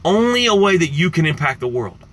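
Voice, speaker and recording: A success coach with a slightly high voice and a bright, forceful tone delivers a motivational live-stream talk. He's impassioned and brisk, with a sing-song lilt, speaking directly to viewers and hammering his points home again and again.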